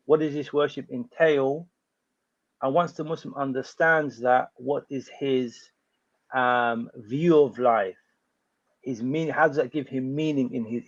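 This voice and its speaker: A man hosting a podcast discussion, who speaks in a measured, questioning way and prompts his guest. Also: medium pitch, muffled recording. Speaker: podcast host.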